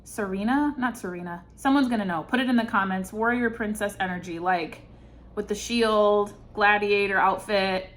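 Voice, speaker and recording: A woman's voice: mid-range voice, moderate pace, fairly bright tone. A woman giving an intuitive tarot reading, earnest and searching for words with many fillers. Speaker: tarot reader.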